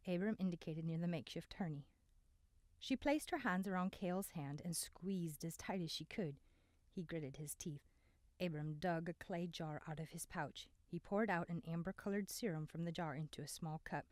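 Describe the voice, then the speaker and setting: Woman reading a novel, low and dry. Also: normal speed, a little mellow, no room sound. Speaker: audiobook narrator. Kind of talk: scripted narration.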